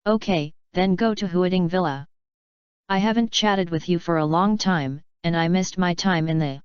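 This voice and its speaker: A woman's voice: fairly low pitch, normal speed, smooth, dry recording, natural voice. A woman voicing a bold, teasing young actress in a storybook, in a slightly dull lo-fi recording. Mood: agreeable.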